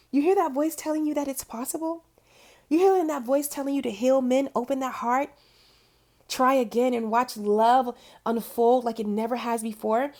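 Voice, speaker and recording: A woman with a high voice talks straight to the camera as a spiritual guide. She is emphatic and encouraging, repeats her key phrases for weight, and laughs often between thoughts. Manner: laughs often while talking. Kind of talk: motivational talk to camera.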